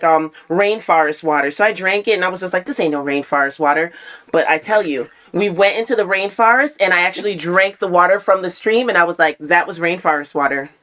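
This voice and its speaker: A woman from New York, co-hosting a podcast, chatting casually and laughing often while she tells stories. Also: medium pitch. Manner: laughs often, animated storytelling. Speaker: podcast co-host. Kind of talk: casual chat.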